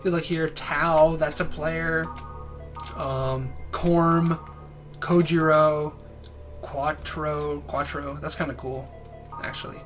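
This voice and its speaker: A man's voice: a little high, steady tone, slow pace, fairly bright tone, faint music behind. A man with a nasal voice, just over a cold, casually commenting while playing and reviewing a game. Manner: joking, rambling, trails off.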